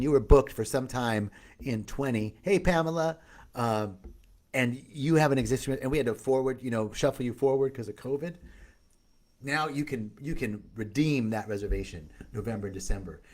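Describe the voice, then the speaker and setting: A man's voice: mid-range voice, darkish tone. A man hosting a loose, upbeat live stream, greeting viewers by name as he talks. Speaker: retreat host. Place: outdoor retreat in tropical setting.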